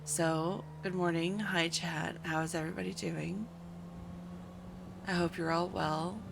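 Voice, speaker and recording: A sleepy woman streamer chats casually with her viewers in a gravelly, cracking morning voice. She is chatty and pokes fun at herself. A noisy background runs under her voice. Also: on the low side, steady tone, measured pace. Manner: chatty, self-deprecating. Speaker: live streamer.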